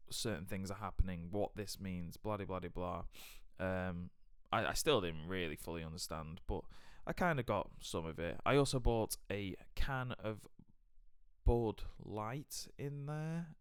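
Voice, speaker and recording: A man's voice: on the low side, clean tone, dry recording, clean studio sound. A young man who co-hosts a podcast, telling rambling, chatty travel anecdotes with frequent restarts. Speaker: podcast co-host. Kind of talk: casual podcast storytelling.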